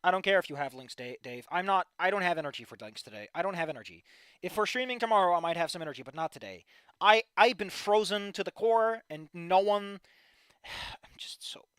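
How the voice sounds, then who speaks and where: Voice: medium pitch, expressive, quick pace, fairly bright tone, smooth, dry recording, clean studio sound. A worn-out streamer giving casual livestream commentary on fan fiction, with a weary, profane, ranting manner.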